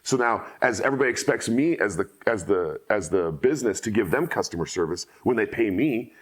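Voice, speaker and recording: A man hosting a podcast, talking bluntly and telling animated stories in casual conversation. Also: on the low side, fairly quick, hardly any pauses. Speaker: podcast host.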